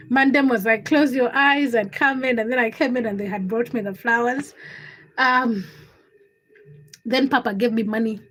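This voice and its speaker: A young woman hosting a livestream, chatting to viewers and telling a story. She swings between hushed asides and excited squeals. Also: high voice. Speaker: livestream host. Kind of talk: casual chat with live viewers.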